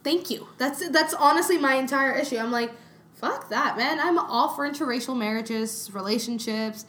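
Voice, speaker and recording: A Canadian-accented woman co-hosting a podcast, her voice sitting a bit high. She talks in a loose, emphatic way, full of fillers and restarts. It sounds like casual chat between friends. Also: moderate pace, fairly bright tone. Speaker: podcast co-host.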